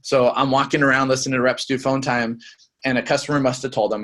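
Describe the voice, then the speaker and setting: A young man giving a casual sales training talk, acting out quick lines of customers and reps as examples. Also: medium pitch, little pitch movement, a bit bright. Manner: conversational, acts out customer and rep lines.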